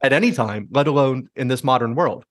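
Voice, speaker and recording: A man hosting a podcast, talking fast and tossing out blunt, profane opinions in a loose, rambling way. His voice sits at an ordinary pitch. The sound is dry and close, with no room echo. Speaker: podcast host. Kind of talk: casual podcast conversation.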